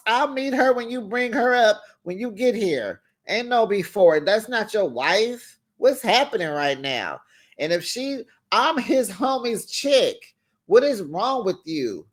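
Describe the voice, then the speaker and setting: An animated reviewer breaks down a reality episode in loose, chatty commentary, with a voice that leaps up and down all the time. They talk straight at the people on screen and act out what those people said. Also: medium pitch. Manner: animated, talks straight to the cast, acts out quotes. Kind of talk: casual commentary to camera.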